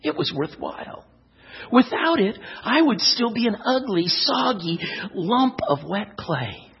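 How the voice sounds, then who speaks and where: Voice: mid-range voice, very animated, measured pace, husky, highs cut off, exaggerated voice. A speaker voicing a talking clay vase that tells of its painful shaping in a children's story, crying out as it goes. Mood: amazed, relieved. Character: talking clay vase, proud, once suffering.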